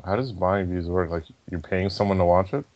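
Man, very low voice, deadpan teasing, dry close sound. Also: fairly quick, no room sound, dull audio. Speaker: podcast co-host. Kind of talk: casual joking chat.

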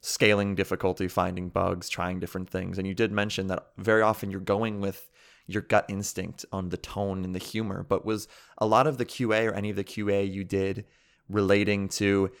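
Deep-voiced male podcast host. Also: level tone, a little fast, creaky. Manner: asks long, rambling, chatty questions. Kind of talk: casual interview.

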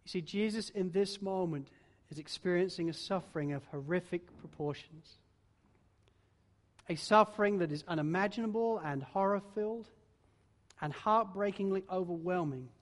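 A man preaching a sermon with dramatic delivery that builds in force and then sinks low and soft. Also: normal speed. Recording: long reverb of a large hall.

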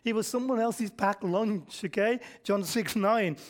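A preacher with a medium-pitched voice and measured pace delivers a conversational sermon. He keeps quizzing the congregation with rhetorical questions and chuckles in the middle of sentences.

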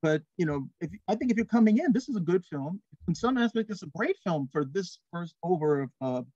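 A man co-hosting a casual film review show, talking in an animated, rambling way with lots of restarts. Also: sits high, brisk, no echo, muffled recording. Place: TV studio.

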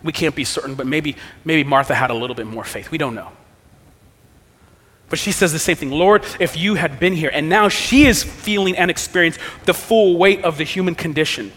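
A man preaching as pastor in a church sanctuary speaks a little fast in a bright, fairly high voice. Earnest and emphatic, he raises and lowers his volume for effect, with the long reverb of a church hall around him.

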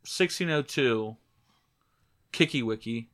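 A man's voice: mid-range voice, takes it slowly, fairly bright tone. A man hosting a casual comedic chat, reading items out and riffing crudely with friends. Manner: reads out items and riffs crudely.

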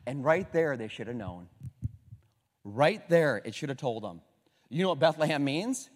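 A man preaching a sermon, joking and swinging from hushed to loud, in an echoey church hall. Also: medium pitch, animated, moderate pace. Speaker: pastor.

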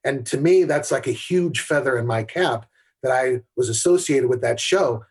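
A man's voice: medium pitch, normal speed, darkish tone, husky. A middle-aged man, a guest on a podcast, telling candid stories from his camera career, often restarting his sentences. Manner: candid anecdotal storyteller with frequent restarts. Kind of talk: conversational storytelling.

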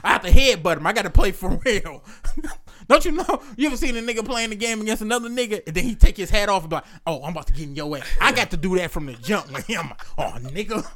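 A man's voice: high voice, animated, fast, sharp tone. A man in his late thirties in casual, profane chat, joking and laughing often. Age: late 30s.

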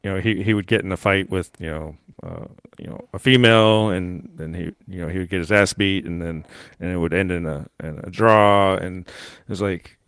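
A man's voice: deep voice, normal speed, few pauses, fairly bright tone, clean tone, dry recording. A man co-hosting a podcast in casual chat, rambling with many fillers and restarts and laughing often. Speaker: podcast co-host.

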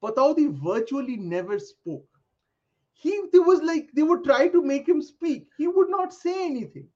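A middle-aged man, a podcast panel guest who talks in a measured, reflective way and lays out his points one by one. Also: extremely high pitch, animated, darkish tone. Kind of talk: casual panel chat. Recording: dull lo-fi sound.

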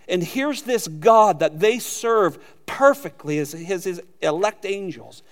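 High-voiced man preaching an earnest sermon. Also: expressive, moderate pace, few pauses. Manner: earnest, emphatic preaching with repeated phrases and rhetorical questions. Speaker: pastor.

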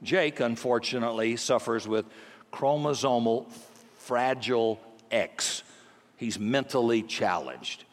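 An older man preaching a sermon, telling a story with a voice that swings from hushed to emphatic. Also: mid-range voice, slow pace, in a large hall. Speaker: pastor.

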